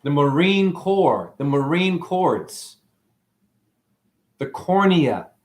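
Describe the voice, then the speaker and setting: A man hosting an online show, rambling through playful wordplay in a sing-song way, with sudden high whoops and drawling asides. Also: very animated, very slow. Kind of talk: rambling livestream monologue.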